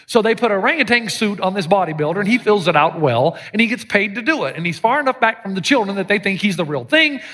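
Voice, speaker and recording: A high-voiced man preaching a sermon with lively, sweeping pitch. He jokes and then suddenly shouts his points. His voice rings out through a large hall with a long, lingering reverb. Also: quick pace, hardly any pauses. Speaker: pastor.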